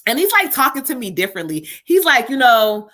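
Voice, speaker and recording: Bright hoarse-edged woman host, rushing through a busy live reading lineup with laughs. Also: high voice, very animated. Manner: quick, busy, lots of laughing asides. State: voice going hoarse. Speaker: host and psychic reader. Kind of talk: live stream reading chat.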